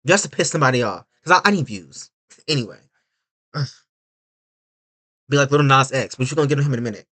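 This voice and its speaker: A man giving casual reaction commentary, animated, swinging from loud outbursts to low mutters. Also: fast, long pauses. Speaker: reaction video creator.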